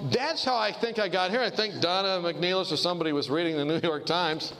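A man's voice: high voice, fairly quick, a bit bright. A man giving a sermon-style talk, telling stories with humor and asides to the audience. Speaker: preacher. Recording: long hall reverb.

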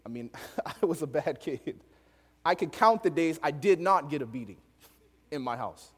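A young male preacher tells a story in a lively, animated way and laughs often. His voice sits a little high for a man. A long reverb trails behind him, as in a large hall. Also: normal speed, husky. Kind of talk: storytelling sermon.

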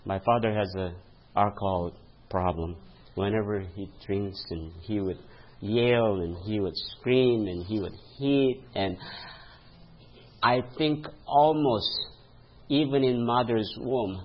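A man's voice: fairly low pitch, slow pace, muffled recording. A male pastor preaching a sermon, telling a story and laughing at his own stories, calling out to the congregation for a response. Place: church.

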